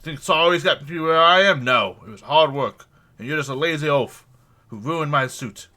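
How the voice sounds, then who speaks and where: A self-important halfling gentleman, played by a man who is loud, indignant and full of his own importance. His voice is bright and raised as he scolds people. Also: fairly high pitch, normal speed, pitched above the performer's own voice. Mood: haughty. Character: pompous wealthy male halfling gentleman.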